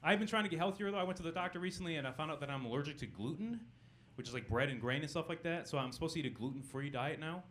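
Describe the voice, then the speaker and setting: Fast, animated young man doing stand-up. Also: a little high, a little hiss or hum. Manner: deadpan punchlines with crowd work. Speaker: stand-up comedian. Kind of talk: stand-up comedy set. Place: comedy club stage with audience.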